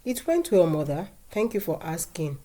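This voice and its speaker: Storybook: a woman playing a patient husband, even and reassuring. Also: lowish voice, normal speed. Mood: calm. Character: calm, reasonable husband and son, man.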